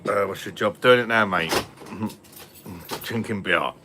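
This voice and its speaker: A man's voice: lowish voice, slow pace, background noise. A man hosting a casual online pub stream from home, telling rambling stories, swearing freely and laughing often. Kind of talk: casual chat over beers.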